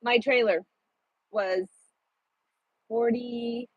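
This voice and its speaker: A woman truck driver chatting casually with her livestream viewers, blunt and quick to swear. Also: on the high side, fairly even intonation, husky, no echo, highs cut off.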